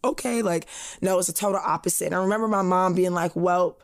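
A woman's voice: fairly low pitch, fast talker. A young woman co-hosting a podcast, telling stories in a casual chat and acting out the voices of people she quotes. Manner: animated storytelling, acts out quoted voices, frequent laughs. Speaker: podcast co-host.

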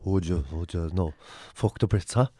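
A man's voice: low-pitched, moderate pace, dark tone, no echo, clean studio sound, voice pushed down. A man voicing a lusty, boastful labourer, in a mock-earnest, bawdy way. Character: lusty, boastful Irish labourer, deep-voiced.

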